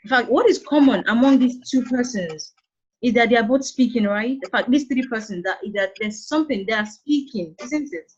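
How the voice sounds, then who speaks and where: A woman with a Nigerian accent teaches secondary school English over an online call, patiently coaxing students as she calls on them by name. Her voice is fairly high with a breathy edge, at normal speed, and the call audio is dull and lo-fi.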